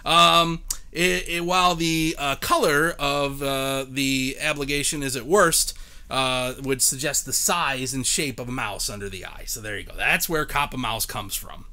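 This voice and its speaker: A man's voice: medium pitch, a little slow, bright, forceful tone. A man in his thirties hosting a live-streamed game show, joking and chatting with viewers by name.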